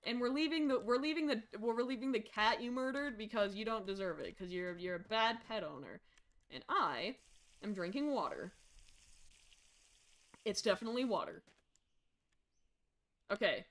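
A woman's voice: on the high side, normal speed, long pauses. A young woman streaming a game, chattering chaotically as a frazzled parent, muttering then shrieking. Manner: excitable, swings from mutters to sudden shrieks. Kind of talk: chaotic game commentary, role-playing a parent.

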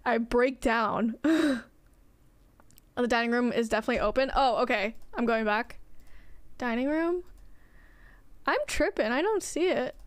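Chatty young woman streamer, high voice. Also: expressive, measured pace, pauses often, no room sound. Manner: rambling, chatty, swears often, talks to chat. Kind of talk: casual gameplay chat with viewers.

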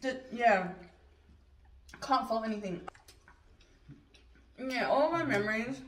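A woman's voice: fairly high pitch, slow, fairly bright tone. A woman chatting on a mukbang, enthusiastic and reminiscing about food. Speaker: mukbang co-host. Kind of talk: casual chat while eating. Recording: roomy echo, mic far off, faint noise.

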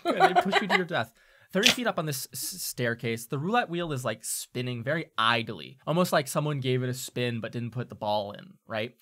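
A man runs a tabletop game as game master, narrating the scene with lots of "uh" and "like". His voice is bright and sits at a middle pitch. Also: lively intonation, brisk, few pauses. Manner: descriptive, full of fillers.

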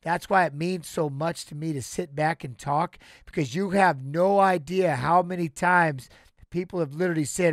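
Pausing, deliberate man streaming. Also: fairly high pitch, no room sound, studio quality. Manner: pauses often, deliberate. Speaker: live streamer reacting to a video. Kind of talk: casual live-stream talk to chat.

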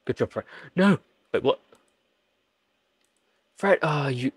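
A man narrates his gameplay with a jokey, pleading tone, talking straight to the characters on screen. His voice sits at an ordinary middle pitch. The sound is dry and close, with no room around it. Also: expressive, slow pace, long pauses, husky, no echo. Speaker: gaming channel host. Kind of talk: let's play commentary.

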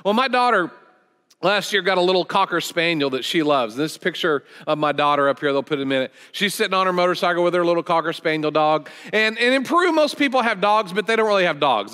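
High, bright-voiced man preaching in a hall. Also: clean tone. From United States. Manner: conversational, folksy storytelling with restarts. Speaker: guest pastor. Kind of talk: sermon. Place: church sanctuary. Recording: long church hall reverb.

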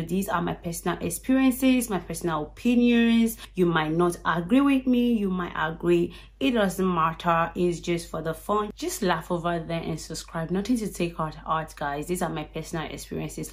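A woman with a Nigerian accent, chatting straight to her viewers in an animated, casual vlog. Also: on the low side. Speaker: YouTube vlogger. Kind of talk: casual direct-to-camera vlog.

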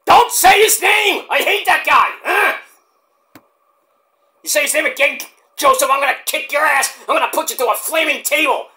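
A man impersonating a hot-headed, boastful male pro wrestler who shouts threats and brags. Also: very high-pitched, fast talker, pitched above the performer's own voice, full character voice. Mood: enraged.

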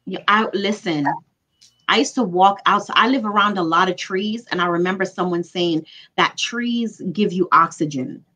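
A woman guest on a live chat show, speaking earnestly and with feeling about something she lived through. Her voice sits at a middle pitch, neither high nor low, and her delivery is conversational and sincere. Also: normal speed, sharp tone. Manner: earnest, emotional storytelling. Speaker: mother. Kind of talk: casual chat.

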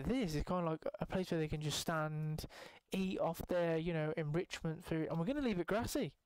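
A young man giving casual, excitable gameplay commentary, swearing now and then and jumping into high exclamations. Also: dry recording. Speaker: gaming youtuber.

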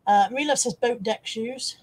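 A middle-aged woman with a slightly high, husky, breathy voice hosts a live stream from home. She chats away and teases her viewers by name as she reads out their comments. It sounds relaxed and unscripted. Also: moderate pace, poor audio. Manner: chatty and teasing, reading out viewer comments. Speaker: live-stream host and eBay reseller. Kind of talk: casual live-stream chat. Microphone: camera on a wire, close by.

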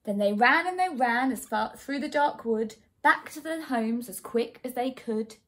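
Expressive woman reading a children's story. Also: fairly high pitch, unhurried. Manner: expressive, sing-song rhyming delivery. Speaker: teacher reading a picture book. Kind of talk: children's storybook read-aloud.

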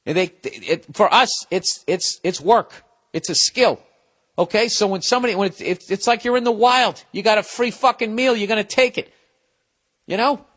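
Profane ranting man, pitched a touch high. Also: normal speed. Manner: profane, ranting, swings between shouting and muttering. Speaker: podcast host. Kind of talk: casual comedic podcast rant.

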